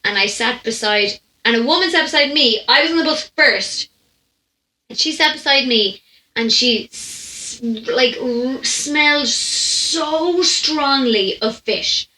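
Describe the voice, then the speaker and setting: A young Irish woman tells a story in a bright, slightly high voice, animated and quick to laugh, often cutting herself off mid-sentence. Her voice rings in a roomy space with noticeable echo. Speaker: podcast host. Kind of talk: storytime anecdote chat.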